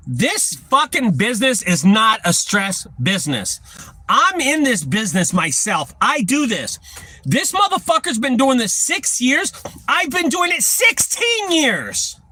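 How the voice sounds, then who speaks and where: A man's voice: high-pitched, very animated, measured pace, sharp tone, dry recording. A man with a Texan accent who owns a junk removal business, lecturing other owners in a blunt, profane rant to camera. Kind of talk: ranting talk to camera.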